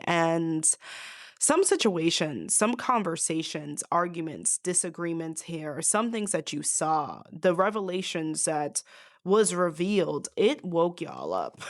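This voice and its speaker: A woman's voice: fairly low pitch, no echo, studio quality. A woman giving an intuitive reading straight to her viewers, sassy and emphatic, repeating lines for effect and calling the listener honey and babes. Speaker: intuitive card reader. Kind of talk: direct-to-camera spiritual reading.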